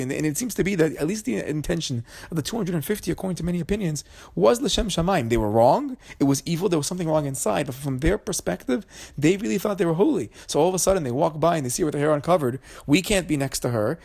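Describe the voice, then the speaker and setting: A man's voice: a little high, creaky, a little mellow. A man giving an informal Torah class, retelling Talmudic stories conversationally, with frequent restarts and Hebrew terms. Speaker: Torah teacher.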